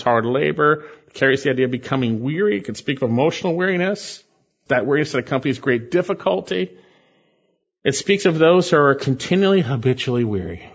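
Guy preaching, earnest and pleading, mid pitch, kinda dull lo-fi sound. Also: husky. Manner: earnest, pleading, emphatic with slow stressed phrases. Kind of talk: sermon.

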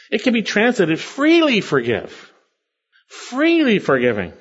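A man's voice: fairly high pitch, fairly bright tone, lo-fi sound. An older man preaching a sermon, working through scripture verses and Greek word meanings with bursts of enthusiasm. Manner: expository preaching, quoting scripture and Greek words, with sudden swells of enthusiasm. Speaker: pastor.

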